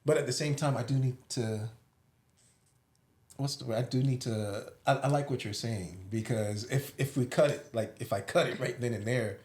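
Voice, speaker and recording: A man's voice: mid-range voice, moderate pace, darkish tone. A man from Louisiana and Houston chatting as a podcast guest, telling family stories and acting out the voices in them. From Louisiana and Houston, Texas. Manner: laughs through his own stories, acting out voices. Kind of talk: casual chat, storytelling. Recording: echoey room, faint background noise.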